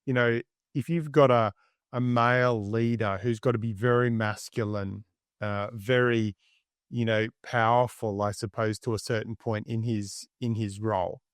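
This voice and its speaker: A man's voice: fairly low pitch, steady tone, moderate pace, dry recording, studio quality. A man hosting a podcast interview, framing his questions hesitantly, with many fillers. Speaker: podcast host.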